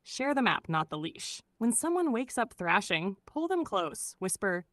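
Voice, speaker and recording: Woman, AI co-host voice, intense, conspiratorial, mid pitch, dry close sound. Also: sing-song, unhurried, fairly bright tone, no room sound. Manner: intense, conspiratorial, counts off steps. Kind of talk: scripted motivational talk.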